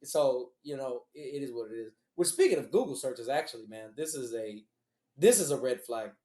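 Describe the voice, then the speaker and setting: A man co-hosting a podcast, telling a personal story in casual, profane, animated chat. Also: medium pitch, moderate pace, roomy sound. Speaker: podcast co-host.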